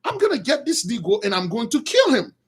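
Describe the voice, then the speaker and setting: A man voicing a furious, maddened male king who shouts and curses in wild rage. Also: extremely high pitch, wildly swooping pitch, a little fast, breathy edge, exaggerated voice. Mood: threatening. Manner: shouting, cursing, crying out in rage. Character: furious raging male king, driven mad.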